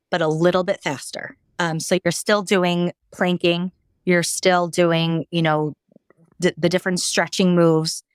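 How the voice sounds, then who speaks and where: A woman's voice: fairly low pitch, dry recording, clean studio sound. A woman guest sharing a personal story in a candid, rambling way, with frequent restarts. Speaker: podcast guest.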